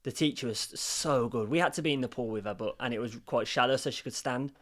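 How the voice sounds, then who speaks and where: A man's voice: medium pitch, fast, a bit bright. A man, a father, talking earnestly as a guest on a podcast. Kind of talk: casual podcast chat.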